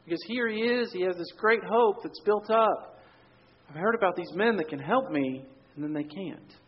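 A man preaching a sermon in a casual, story-telling way, often dropping his voice low and quiet for emphasis. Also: normal speed, slightly rough, dull audio. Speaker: pastor.

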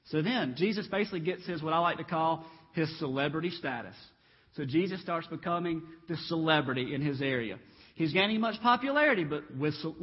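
A man preaching a lively sermon, acting out the voices in the Bible stories as he retells them. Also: high-pitched, breathy edge. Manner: animated storytelling, acts out Bible voices. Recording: dull reverberant hall.

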